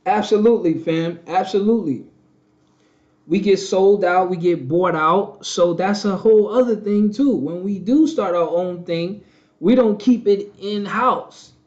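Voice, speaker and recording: Male host, higher-pitched, preachy and repetitive; dull lo-fi audio. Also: unhurried, darkish tone. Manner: preachy, repetitive, addresses viewers as family. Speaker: channel host. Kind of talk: casual live-stream commentary.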